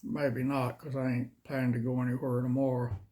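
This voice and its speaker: A man reading scripture slowly and measuredly, then chatting casually as host. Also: medium pitch, flat delivery, warm tone. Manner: slow, measured delivery. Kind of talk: Bible reading and casual chat.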